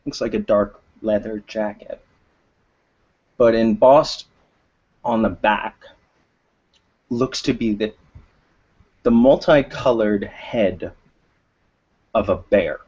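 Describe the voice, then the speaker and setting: A man's voice: fairly low pitch, takes it slowly, long pauses, darkish tone, slightly rough. A man narrating as game master of a tabletop role-playing game, hesitant and full of fillers. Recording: dull lo-fi recording.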